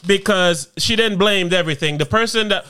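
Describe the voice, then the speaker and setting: A man in his thirties co-hosting a podcast, telling stories in casual chat and acting out other people's lines in his own high voices. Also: brisk, clear, resonant tone. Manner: animated storyteller, acts out quotes in high voices. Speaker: podcast co-host.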